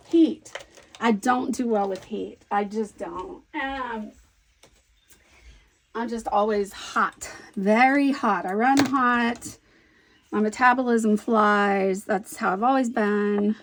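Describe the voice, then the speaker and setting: A woman's voice: a little high, slow. Chatty woman in her fifties. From Virginia, US. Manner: rambling, animated storyteller who laughs often. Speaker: scrapbooking vlogger. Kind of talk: chatty crafting vlog.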